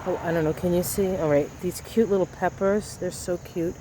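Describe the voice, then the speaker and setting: A woman's voice: on the low side, fairly even intonation, normal speed, mellow, slight background noise. A woman vlogging casually to camera outdoors in her garden, chatty and enthusiastic, often trailing off with fillers. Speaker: astrology vlogger.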